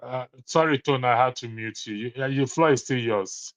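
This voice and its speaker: A man hosting an online debate, calmly asking a caller to mind his language, with many fillers. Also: medium pitch, moderate pace, no room sound, rough recording. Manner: calm, polite, hesitant with fillers. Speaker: host. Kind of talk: moderating a debate.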